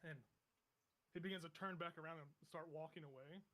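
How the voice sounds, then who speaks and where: A man's voice: fairly high pitch, steady tone, brisk, sharp tone. Rambling man narrating as game master. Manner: vivid, meandering scene description with frequent fillers.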